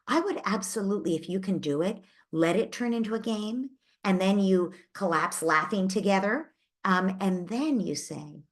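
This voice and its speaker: A woman's voice: mid-range voice, moderate pace. A woman hosting a parenting Q&A who answers a parent's question with empathetic, reassuring coaching and thinks aloud with small restarts. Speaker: parenting advice host.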